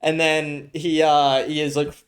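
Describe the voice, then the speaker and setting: A young man hosts a podcast and comments on a clip. He talks in a loose, rambling way with plenty of profanity. His voice sits a little high for a man. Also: completely flat delivery, unhurried, clear, resonant tone. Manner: rambling, frequent swearing, restarts. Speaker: podcast host.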